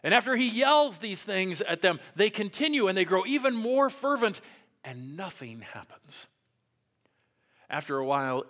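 A man pastor preaching a sermon, telling a Bible story with dramatic swings from loud taunting lines to hushed, near-whispered ones. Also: sits high.

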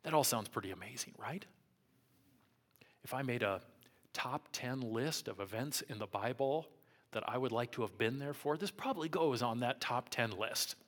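A man pastor preaching a sermon, telling a Bible story with dramatic swings from loud taunting lines to hushed, near-whispered ones. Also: medium pitch, moderate pace.

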